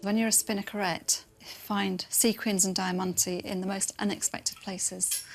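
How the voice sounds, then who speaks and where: Chatty gravelly lady in an interview, music playing under her. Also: medium pitch, flat delivery, normal speed. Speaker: barbershop chorus member. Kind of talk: casual interview.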